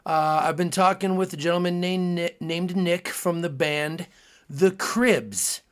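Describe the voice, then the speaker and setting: A man's voice: sits high, fairly even intonation, measured pace, clean tone. A man hosting his own podcast, talking in a casual, earnest, musing way with frequent fillers. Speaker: podcast host. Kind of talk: casual solo podcast talk.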